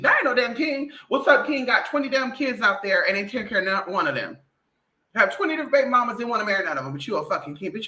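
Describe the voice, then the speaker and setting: Brash woman vlogger, profane and animated, bright voice in an echoey room. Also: mid-range voice. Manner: blunt, profane, animated, mimics others. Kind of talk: casual opinionated monologue.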